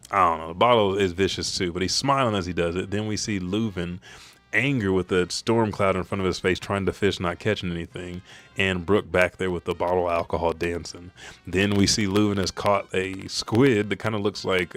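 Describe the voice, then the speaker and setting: A man with a low voice recapping a comic chapter in a loose, joking way, swearing freely as he reacts. Faint music runs underneath. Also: a bit bright. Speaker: channel host.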